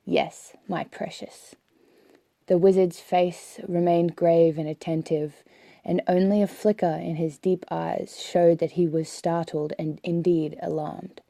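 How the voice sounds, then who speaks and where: Woman narrating with a very dark tone. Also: on the low side, level tone, measured pace, no echo. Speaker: audiobook reader. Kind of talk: audiobook reading.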